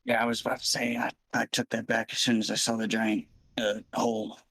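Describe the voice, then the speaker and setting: A man playing a tabletop game, talking in a halting, stammering, playful way. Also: fairly low pitch, completely flat delivery, fairly bright tone, slightly rough, dry recording, low-quality recording. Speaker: player. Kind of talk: casual in-character chat.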